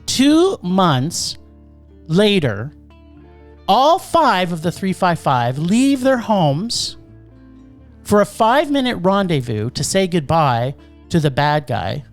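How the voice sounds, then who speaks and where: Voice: mid-range voice, slow, faint music behind. A podcast co-host giving a sarcastic, ranting movie review in casual chat. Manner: animated, sarcastic ranting critique.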